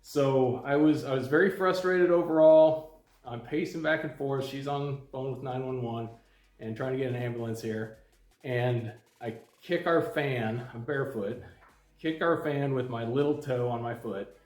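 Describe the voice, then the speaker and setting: Middle-aged man vlogging, calm and plain-spoken, mid pitch, roomy echo. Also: measured pace. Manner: calm, plain-spoken, many ums and restarts. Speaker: channel host. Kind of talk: casual storytelling to camera.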